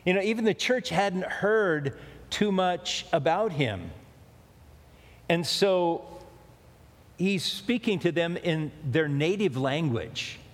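A pastor giving a conversational sermon, often repeating key phrases for emphasis. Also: male voice, high-pitched, big-room sound.

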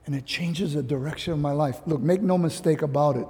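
A man from Hawaii preaching a sermon as pastor, emphatic and animated with casual slang asides, in a church hall. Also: on the high side, a little fast. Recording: long hall reverb.

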